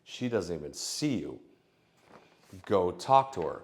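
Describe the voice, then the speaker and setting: Middle-aged guy, low-ish voice, loose rambling advice delivery, heavy on fillers and restarts. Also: very animated, slow, pauses often. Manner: rambling, filler-heavy, acts out both sides of conversations. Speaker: dating advice vlogger. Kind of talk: casual advice monologue.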